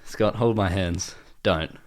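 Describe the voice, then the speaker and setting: A man's voice: low-pitched, slow. A man co-hosting a casual podcast, rambling and joking as he tells stories. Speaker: podcast co-host. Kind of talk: casual chat.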